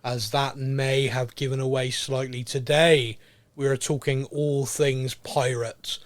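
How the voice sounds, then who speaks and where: A man's voice: mid-range voice, flat delivery, unhurried. Chatty Bristolian man hosting a podcast. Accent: Bristolian English. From England. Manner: chatty, laughs at his own jokes. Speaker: podcast co-host. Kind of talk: casual chat.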